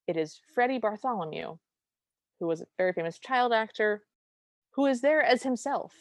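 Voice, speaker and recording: A woman's voice: fairly high pitch, animated, moderate pace, dry recording. A woman co-hosting a podcast, recapping a film in casual chat with wry, exasperated storytelling into a close mic. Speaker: podcast co-host.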